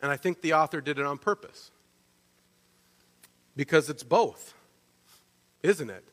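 A man preaching a sermon, telling the story in a lively way and often checking in with "right?". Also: a little high, measured pace. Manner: animated storytelling, with frequent restarts and "right?" asides. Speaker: pastor. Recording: long reverb of a large hall.

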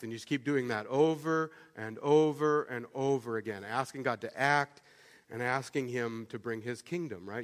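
A man's voice: mid-range voice, moderate pace, long reverb tail. A male pastor giving a conversational sermon, often restarting phrases with fillers and repeated words.

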